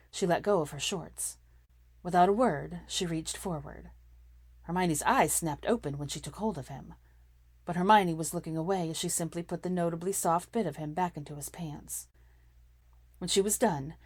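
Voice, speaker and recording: A woman's voice: lowish voice, a little mellow, dry recording. Dry, close woman narrating a story. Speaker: fan fiction reader. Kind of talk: audiobook narration.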